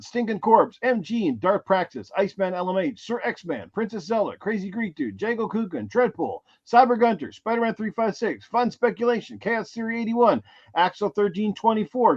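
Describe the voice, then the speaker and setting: A male gaming show host chats loosely with viewers, cheerful and a little profane. His voice sits slightly high. The audio is dull and lo-fi. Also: animated, fairly quick. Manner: upbeat, reads chat names, swears casually. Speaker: podcast host. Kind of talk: casual livestream chat.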